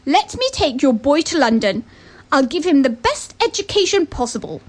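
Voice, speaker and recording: A woman's voice: high voice, sing-song, moderate pace. A woman voicing a gracious wealthy nobleman. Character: wealthy grateful nobleman, well-dressed gentleman.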